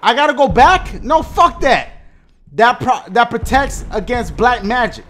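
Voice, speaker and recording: A man giving loud, profane commentary while he plays a video game, often yelling at what happens on screen. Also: extremely high pitch, lively intonation, unhurried, slight background noise. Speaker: gaming YouTuber. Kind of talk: gameplay commentary.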